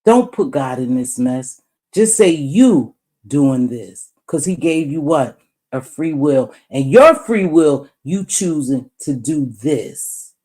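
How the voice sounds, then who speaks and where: A woman's voice: deep voice, expressive, slow pace, mellow, breathy edge. Blunt woman ranting on a live stream. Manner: blunt, preachy, swears freely. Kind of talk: heated live-stream rant.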